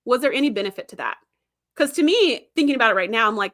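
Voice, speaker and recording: Woman livestream host, casual fan commentary, animated and chatty, fairly high bright voice. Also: fast. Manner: animated, chatty, laughs often.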